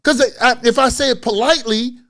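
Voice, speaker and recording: An online video host with an extremely high, fairly bright voice talks straight to his camera at a fairly quick, steady pace. He tells a story, then, with rising exasperation, rants bluntly and profanely in street talk about people who follow instructions they don't understand.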